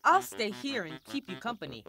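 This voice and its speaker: A woman's voice: medium pitch, big pitch swings, normal speed, pushed and bright, soft background music. A woman voicing Milo, a cheeky, upbeat young animal boy in a children's cartoon. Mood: friendly.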